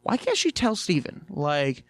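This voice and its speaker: A man's voice: a little high, wildly swooping pitch, measured pace, a bit bright. A man casually reviewing a cartoon episode, rambling with lots of fillers.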